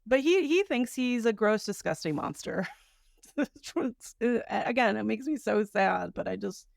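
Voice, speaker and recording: A woman's voice: on the high side, expressive, moderate pace, vocal fry, no room sound, clean studio sound. A woman co-hosting a podcast in casual chat, reflective and chatty, laughing often. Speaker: podcast co-host.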